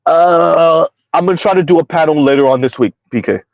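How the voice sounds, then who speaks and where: A fairly high-voiced man in a casual livestream commentary, firing off rhetorical questions and reading viewer chat as he goes. His pitch jumps up when he wants to sound incredulous. The audio is dry and a little dull and lo-fi. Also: brisk, no room sound. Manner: rhetorical, keeps asking "Right?", swings pitch up when incredulous.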